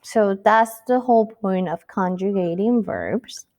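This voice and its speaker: A woman's voice: mid-range voice, measured pace, darkish tone. A woman teaching a Spanish lesson, speaking patiently and asking the listener rhetorical questions. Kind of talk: recorded classroom lesson.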